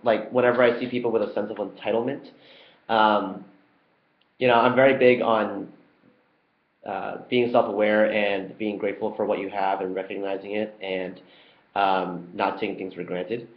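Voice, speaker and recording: A young man answers community questions in a loose, conversational way, pausing often with ums and uhs. His voice sits fairly low. The sound is roomy and a bit dull and lo-fi. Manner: relaxed and chatty, many ums and uhs. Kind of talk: casual Q&A video.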